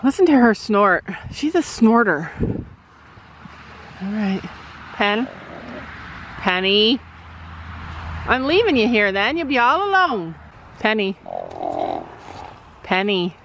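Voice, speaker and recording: A woman's voice: mid-range voice, animated, takes it slowly, pauses often, fairly bright tone, slight background noise, rough recording. A woman vlogging outdoors in a paddock, coaxing and chatting to her horse. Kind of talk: casual vlog talk while handling a horse.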